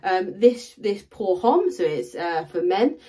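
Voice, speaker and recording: A woman chatting her way through a haul on camera. She rambles and restarts, filling gaps with ums and likes, and her pitch sits in the middle of the usual range for a woman. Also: sing-song, takes it slowly, dark tone. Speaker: co-host, luxury reseller. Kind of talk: casual chat, showing thrift finds.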